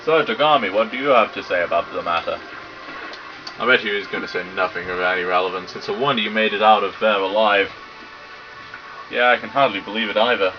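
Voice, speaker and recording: A British man reading game dialogue aloud and joking and swearing through a let's play. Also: on the low side. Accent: British English. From Britain. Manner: sweary, joking, does quick silly voices for characters. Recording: dull lo-fi sound with game music behind. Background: game music.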